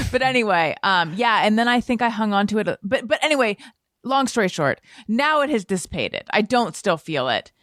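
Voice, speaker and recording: Animated woman host telling stories. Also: medium pitch, normal speed, no echo, studio quality. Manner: self-deprecating, animated storytelling. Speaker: podcast host. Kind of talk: casual chat.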